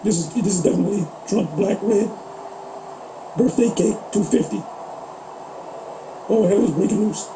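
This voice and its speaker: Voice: medium pitch, moderate pace, long pauses, noisy background. A co-host talking casually about politics, rambling, swearing and fumbling for words. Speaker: podcast co-host.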